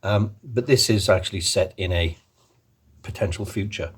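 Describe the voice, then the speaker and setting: A man's voice: fairly low pitch, normal speed, slightly rough. A man hosting his own channel, chatting casually and enthusiastically, rambling with many ums and restarts. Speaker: channel host. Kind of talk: casual chat.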